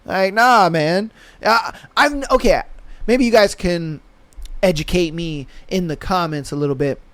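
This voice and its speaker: Young man hosting a podcast: high, smooth voice, laid-back slang, quick to laugh, dry close sound. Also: fairly bright tone, dry recording. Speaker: podcast host. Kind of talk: casual solo podcast commentary.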